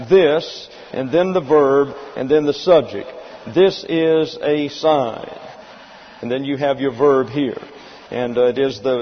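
A man teaching a Bible sermon slowly and deliberately, spelling out Greek words letter by letter. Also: fairly high pitch, a little hiss or hum. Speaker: preacher. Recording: dull lo-fi recording with long hall reverb.

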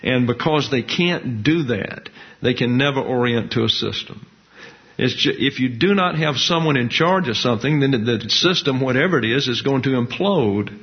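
A man, preaching a sermon in a measured, folksy teaching manner with colloquial asides. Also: mid-range voice, lively intonation. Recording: dull lo-fi recording.

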